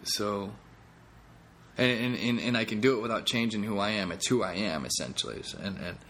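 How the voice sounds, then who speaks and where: A comedian hosts his own podcast in a casual monologue, speaking in a lowish, fairly quick, slightly bright voice. His talk is rambling, jokey and self-deprecating, with slight background noise.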